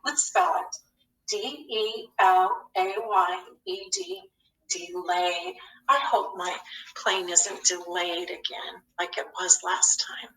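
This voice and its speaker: A woman teaching a phonics lesson, speaking slowly and spelling out words letter by letter. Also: medium pitch, big pitch swings, creaky, a bit bright, recorded from a distance. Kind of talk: slow, deliberate phonics lesson. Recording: echoey room, voice a bit off-mic.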